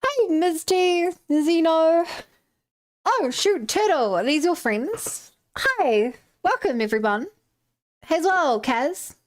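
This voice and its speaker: High-voiced young woman streamer. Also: very animated, takes it slowly. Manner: chatty and rambling, greets viewers, many "um"s and restarts. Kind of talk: casual live-stream chat while drawing and rigging.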